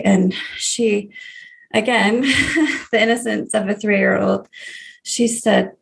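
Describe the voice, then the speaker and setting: A woman in her thirties tells a personal story as a podcast guest, speaking earnestly and warmly with small laughs. Her voice sits at a mid pitch and carries a noticeable vocal fry. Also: takes it slowly. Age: 30s. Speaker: guest, grief coach.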